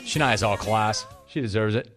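A man's voice: on the low side, moderate pace, music in the background. A man hosting a talk radio show, chatting wryly and reading listener messages. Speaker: radio sports talk host.

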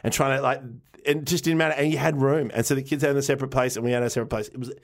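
A man's voice: medium pitch, steady tone, rapid-fire. A man in a loose, casual chat. He rambles through his stories and restarts his sentences as he goes. He laughs easily and swears without a second thought. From Australia. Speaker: podcast co-host.

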